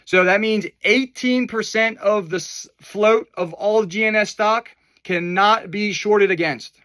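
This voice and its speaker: A man hosting a casual crypto news rundown, chatty and enthusiastic, with fillers and quick asides. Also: high-pitched, bright, forceful tone, no room sound. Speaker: host of a crypto news video.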